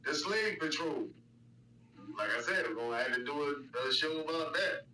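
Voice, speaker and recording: A man in a casual group discussion speaking bluntly and forcefully. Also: on the high side, lively intonation, moderate pace. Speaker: panel member. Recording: echoey, distant, noisy mic.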